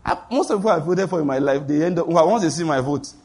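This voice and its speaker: Speaking very fast, a pastor delivers a story-driven sermon, playing the quoted voices and chuckling at his own tales. His voice is a little high, expressive, a little mellow, and slightly rough.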